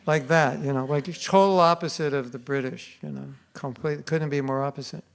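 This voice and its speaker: An older man giving a storytelling class at a temple, animated and acting out the voices of people in his stories. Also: on the high side, moderate pace, vocal fry, hardly any pauses, clear, resonant tone. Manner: animated, acts out quoted voices. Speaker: spiritual teacher giving a class. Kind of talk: storytelling sermon. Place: temple hall.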